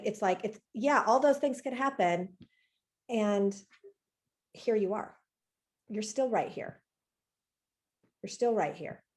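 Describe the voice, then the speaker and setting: A woman therapist talking in a relaxed, reflective way in a webinar, acting out parents' worries as she goes. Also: mid-range voice. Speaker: therapist guest. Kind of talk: webinar talk.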